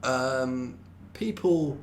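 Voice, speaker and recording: A young man hosting a live online English lesson, playful, laughing often, switching into quick Korean explanations. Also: medium pitch, slight background noise. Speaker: English teacher and host.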